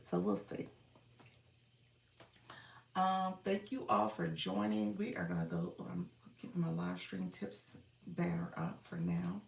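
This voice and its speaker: This woman's lowish, slightly mellow voice has vocal fry as she coaches on a casual livestream, laughing frequently and welcoming viewers by name. The room echoes, and the distant mic leaves her a bit off axis.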